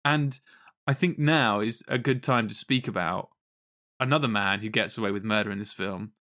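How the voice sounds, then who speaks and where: A man co-hosting a podcast, reviewing a film in casual, animated chat, laughing often and swearing freely. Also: lowish voice, normal speed. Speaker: podcast co-host.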